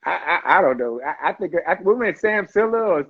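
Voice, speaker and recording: A man's voice: high-pitched, lively intonation, brisk, slightly rough, narrow, tinny audio. A man on a casual live chat, playful and slangy, often slipping into quoted voices. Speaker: actor guest on a live chat. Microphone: livestream call audio.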